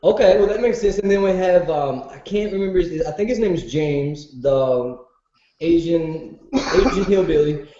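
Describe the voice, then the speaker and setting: Mellow-voiced man, echoey lo-fi call. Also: a little high, moderate pace. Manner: rambling, hedging, trails off. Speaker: panel guest. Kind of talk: casual group chat.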